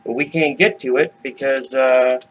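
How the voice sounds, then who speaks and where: A man's voice: medium pitch, steady tone, normal speed, slight background noise, lightly acted, poor audio. A man doing a desperate pleading goat.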